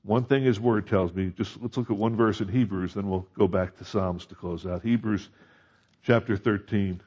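A man's voice: on the low side, steady tone, moderate pace, mellow, husky, dull audio. A male pastor preaching a conversational sermon, rising to emphatic peaks on key points.

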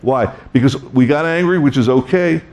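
A man's voice: mid-range voice, normal speed, darkish tone. A middle-aged man preaching a sermon, conversational and self-deprecating, acting out quoted voices. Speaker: pastor.

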